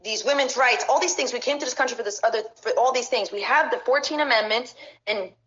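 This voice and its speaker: A woman's voice: a little high, quick pace, a bit bright. A woman talking as a guest on a podcast, impassioned and casual, swearing and restarting her sentences. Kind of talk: casual political talk. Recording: muffled audio over a phone network.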